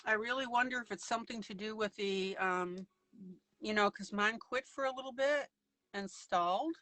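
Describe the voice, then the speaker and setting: A woman hosts a live coloring show and walks viewers through each step of her work. Her voice is bright and clear. The sound is close and dry, with almost no room echo. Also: medium pitch, normal speed. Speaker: host of a coloring broadcast.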